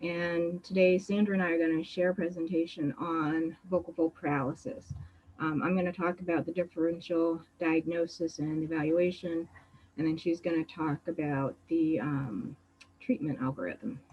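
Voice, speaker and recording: A woman's voice: deep voice, steady tone, slightly rough. Woman laryngologist with dull lo-fi audio. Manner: measured, organized explanation. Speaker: laryngologist presenting. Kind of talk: online medical lecture.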